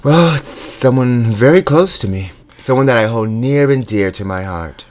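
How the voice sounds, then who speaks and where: A man co-hosting a comedy podcast, teasing in a dry, deadpan way. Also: medium pitch, moderate pace. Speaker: podcast co-host.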